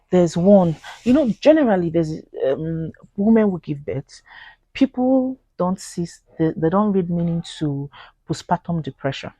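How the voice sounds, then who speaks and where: A woman's voice: lowish voice, slightly rough, dry recording, muffled recording. A woman with a Nigerian accent talking casually to camera in a vlog, earnest and pleading, acting out quoted people in Pidgin. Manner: animated, acts out quoted voices in Pidgin. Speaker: vlogger.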